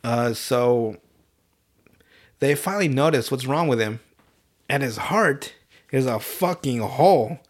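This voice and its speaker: A man chatting casually about an anime he watched as a kid, cursing freely as he tells it. He keeps dropping into short voiced bits for the characters. His voice sits in an ordinary middle pitch. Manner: profane, animated retelling with quick voiced asides. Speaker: podcast host. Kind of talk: casual chat, recapping an anime.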